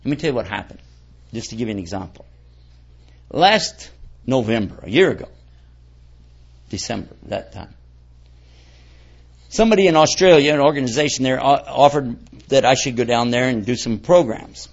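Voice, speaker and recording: This folksy Islamic preacher from the United States has a medium-pitched, expressive voice, speaks at normal speed, and pauses often. His conversational lecture constantly quizzes the audience, and the lo-fi recording sounds dull.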